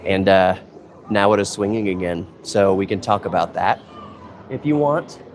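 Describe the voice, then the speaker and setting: A man's voice: deep voice, moderate pace, slight background noise. A man hosting a casual live stream for a museum, thinking aloud in an easygoing, rambling way. He is speaking into a phone camera in an indoor museum hall with members of the public nearby. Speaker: museum content creator and live stream host.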